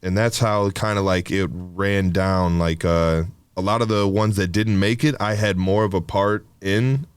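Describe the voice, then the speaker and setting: A man's voice: low-pitched, fairly even intonation, unhurried, hardly any pauses, clean tone, no echo. A young man co-hosting a podcast, talking in a loose, rambling way, swearing and laughing often. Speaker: podcast co-host. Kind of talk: casual chat.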